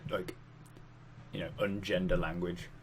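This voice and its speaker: A man's voice: sits low, little pitch movement, measured pace, a little hiss or hum. A man chatting casually on an art stream as a guest, blunt and wry with some swearing. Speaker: guest artist. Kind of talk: casual chat while drawing.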